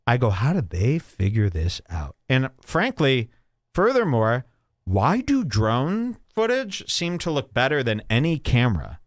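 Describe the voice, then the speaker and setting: A man hosting a podcast, delivering a mocking comedic rant with exaggerated swings between loud and low. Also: no room sound, studio quality. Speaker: podcast host. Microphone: studio microphone.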